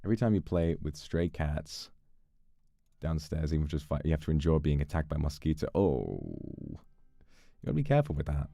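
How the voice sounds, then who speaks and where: Here a male streamer reads off donations and talks casually with his viewers, animated, playful and freely profane, mouth near the microphone. He has a bass voice, a brisk pace, and there's no echo.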